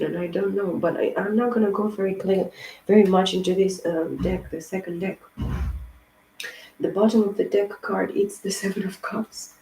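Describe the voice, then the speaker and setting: Woman tarot reader, casual rambling monologue, emphatic and profane, mellow tone, echoey room. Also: mid-range voice, gravelly. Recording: roomy echo.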